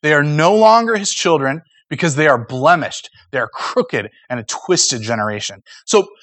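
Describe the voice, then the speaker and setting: A man's voice: on the high side, animated, normal speed, a bit bright, no echo. A man preaching a sermon in an earnest, conversational way, acting out little asides as he goes. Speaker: pastor.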